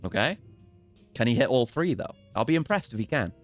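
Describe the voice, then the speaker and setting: A man's voice: mid-range voice, big pitch swings, fairly quick, soft background music. A man streaming a game, commentating casually with playful, jokey trash talk.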